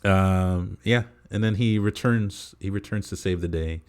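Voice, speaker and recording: A man's voice: low-pitched, unhurried, darkish tone. A man co-hosting a podcast, casually retelling a movie's plot and stringing his thoughts together with lots of "uh" fillers. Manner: rambling plot recap full of "uh" fillers. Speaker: podcast co-host. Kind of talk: casual movie review chat.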